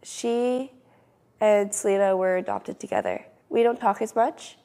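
A young woman narrating her vlog in a casual, earnest, excited way. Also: medium pitch, a little slow. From Trinidad. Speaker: vlogger.

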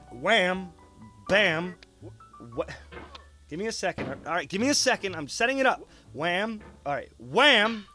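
A young man giving gameplay commentary, excitable, muttering one moment and yelling the next, swearing and talking to his character. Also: high voice. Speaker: gaming YouTuber.

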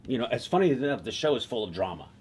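A middle-aged man, a TV writer being interviewed, telling stories in a lively, conversational way and laughing easily. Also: mid-range voice, rapid-fire, a little hiss or hum. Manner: animated, laughs easily, slips into quoted voices. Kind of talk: conversational storytelling.

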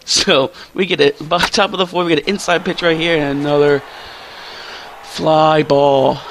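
A young man giving casual, slangy commentary over his own baseball video game play, often jumping into excited yelps. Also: moderate pace, noisy background. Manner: excitable, slangy, jumps to high squeals when thrilled. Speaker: gaming YouTuber.

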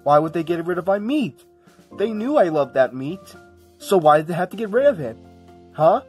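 A goofy, food-obsessed blocky game hero, put on by a man in a homemade sketch. He rambles at a slow, drawn-out pace and gets whiny and loud when something upsets him, with a plain middle-pitched voice. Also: soft background music, natural voice. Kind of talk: homemade comedy sketch voice acting.

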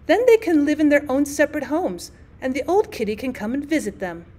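A woman's voice: high voice, expressive, a little fast, a little mellow, pitched above the performer's own voice. Eager little boy, as a woman reads him. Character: eager young boy, curious and scheming.

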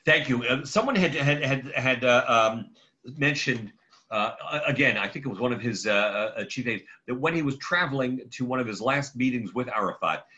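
The muffled, lo-fi online audio carries a rabbi's medium-pitched voice, pushed and bright, as he gives a halting, digressive lecture over a video call. He leads the class conversationally and takes audience questions by name.

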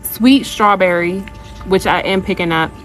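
A woman's voice: fairly low pitch, unhurried, faint music behind, rough recording. A woman vlogger chatting casually to her viewers in a product review, gushing and calling them y'all.

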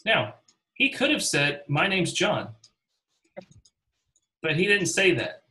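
A man's voice: sits high, big pitch swings, slow pace, bright, forceful tone, poor audio. A man teaching a Bible class in a conversational way, calling on class members and acting out quotes in character voices.

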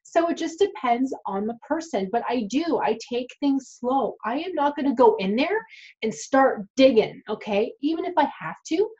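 A woman's voice: high-pitched, expressive, moderate pace, a little mellow, muffled recording. A woman, a dental hygienist, talking casually and frankly to the camera and addressing her viewers directly.

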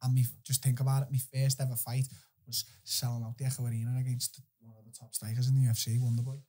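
A man with a Scouse accent, a podcast guest telling his stories in an animated way and swearing freely. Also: medium pitch, fast talker, breathy edge. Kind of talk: casual storytelling.

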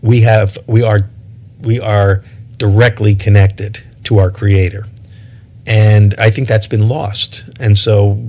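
As an interview guest, a man with a fairly low voice speaks at length in a reflective way. He halts often, repeating words and restarting sentences as he gathers his thoughts, and his delivery is flat but warm in tone.

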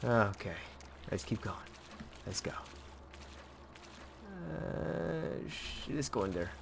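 A man's voice: medium pitch, very animated, takes it slowly. Man, horror game commentary, jumpy, swears, talks to viewers, noisy recording. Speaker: gameplay commentator. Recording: clear background noise.

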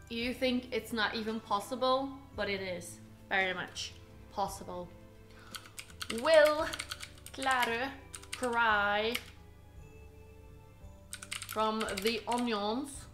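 Chatty high-voiced woman streaming her cooking. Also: slow pace, pauses often, a bit bright, roomy sound, faint music behind. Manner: chatty, self-teasing, giggly. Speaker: cooking livestreamer. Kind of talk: casual live cooking stream chat. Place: home kitchen.

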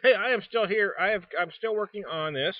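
A man's voice: sits high, brisk, no room sound, phone-quality sound. A man reviewing beer in a casual vlog, rambling with restarts and speaking frankly, with some mild swearing. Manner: rambling, frequent restarts and fillers; frank, mildly profane.

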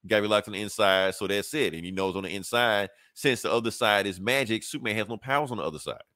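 A man's voice: on the low side, quick pace, pushed and bright, no room sound, studio quality. A man co-hosting a podcast, retelling a comic plot in loose, slangy chat and quoting the characters. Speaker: podcast co-host. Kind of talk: casual comic recap.

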